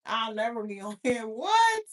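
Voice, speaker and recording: A woman's voice: mid-range voice, moderate pace, a bit bright. A young adult woman hosting her own channel, talking brashly and with lots of profanity, laughing often. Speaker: YouTube host. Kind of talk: casual livestream chat.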